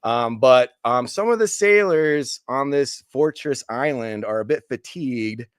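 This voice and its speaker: A man co-hosting a casual history podcast, setting up the story and prompting with relaxed, playful questions. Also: medium pitch, unhurried, clear, resonant tone, no echo, studio quality. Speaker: podcast co-host asking questions.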